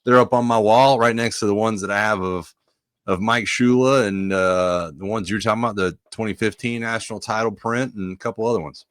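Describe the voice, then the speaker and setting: A man's voice: fairly low pitch, fairly even intonation, a little fast, a bit bright, no room sound, clean studio sound. A man co-hosting a casual sports podcast, a former player rambling with plenty of fillers.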